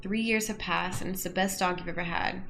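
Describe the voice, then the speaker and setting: A woman's voice: fairly low pitch, fairly even intonation, brisk, creaky, a bit bright, soft background music. A young woman reading out game questions and reacting in a chatty way, laughing often and getting emotional. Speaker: gaming YouTuber.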